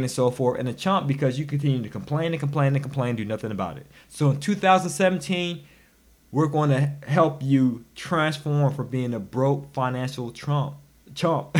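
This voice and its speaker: A man giving a motivational personal finance lesson, talking in an animated, preachy way with sudden loud, emphatic bursts. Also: mid-range voice. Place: recorded instruction.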